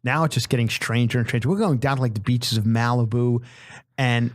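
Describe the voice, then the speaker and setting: A man's voice: mid-range voice, a little fast, no room sound, studio quality. A man hosting a podcast, telling a long comic story in a casual, profane way and acting out the people in it. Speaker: podcast host.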